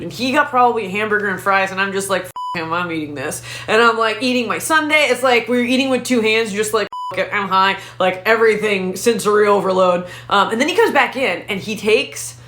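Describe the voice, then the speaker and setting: A woman comedian telling a profane, animated story in stand-up style. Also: medium pitch. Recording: roomy echo.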